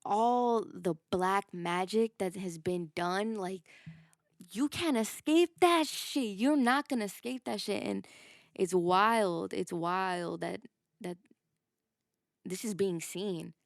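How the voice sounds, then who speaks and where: A woman's voice: medium pitch, takes it slowly, vocal fry, no echo, studio quality. A woman hosting a podcast, giving a casual, emphatic spiritual monologue, swearing and laughing as she goes. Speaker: podcast host.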